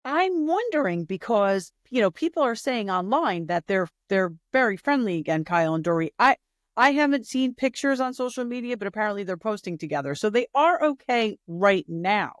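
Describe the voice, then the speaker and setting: A woman co-hosting a podcast, talking in a loose, rambling way full of fillers and asides. Her pitch is mid-range. The sound is dry and close to the mic. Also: very animated, normal speed, no echo. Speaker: podcast co-host. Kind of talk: casual chat.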